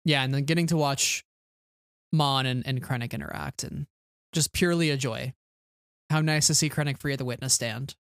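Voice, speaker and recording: A man's voice: mid-range voice, normal speed, gravelly, a bit bright, clear, resonant tone, no echo, clean studio sound. A man co-hosting a podcast in casual chat, thoughtful and earnest, sometimes hesitating over his words. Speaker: podcast co-host.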